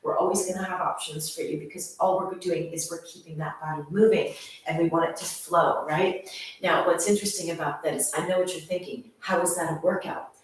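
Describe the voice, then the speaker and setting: A woman in her forties with a lowish voice talks casually and brightly to her viewers, calling them friends. Her voice rings around a very echoey room at home, caught by a mic set some way off. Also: fairly even intonation, brisk, distant mic. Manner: chatty, upbeat, addresses listeners as friends. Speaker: fitness instructor. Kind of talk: casual channel introduction. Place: room at home with workout gear.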